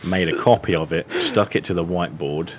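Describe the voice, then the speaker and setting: A man's voice: sits low, a little fast, noisy background. A British man telling stories in a casual podcast chat, blunt and sweary. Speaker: podcast guest.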